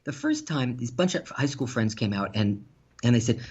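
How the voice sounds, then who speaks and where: In a mid-range, slightly rough voice that runs a little fast, a podcast guest laughs through his funny stories. He tells them in a lively, casual way, recorded with dull lo-fi quality.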